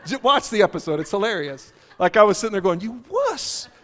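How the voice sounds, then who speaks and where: Male pastor, high voice, animated and joking, conversational sermon, hall reverb. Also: fairly quick. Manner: animated storytelling with humor, repeats key phrases. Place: church auditorium.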